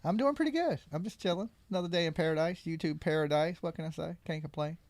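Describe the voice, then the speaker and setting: A man's voice: fairly high pitch, fast. A man hosting a live call-in show from his studio, talking in a loose, slangy, joking way and sounding congested. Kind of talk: casual call-in chat. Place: home studio.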